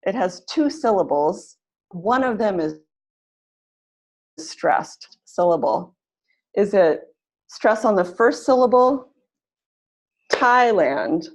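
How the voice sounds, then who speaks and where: A woman runs an online webinar for language teachers, speaking through a computer mic. She sounds clear and encouraging, and she stretches and punches the stressed syllables of the words she models. Her voice sits at an ordinary middle pitch. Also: expressive, slow pace, long pauses, darkish tone. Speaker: webinar facilitator.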